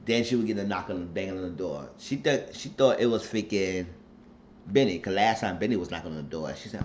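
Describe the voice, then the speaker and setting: Brief: man host, lower voice, lively slangy recapper, dull lo-fi sound with faint hiss. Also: brisk. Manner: animated storytelling, slangy, acts out quotes. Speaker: YouTube show recapper. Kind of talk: casual episode recap.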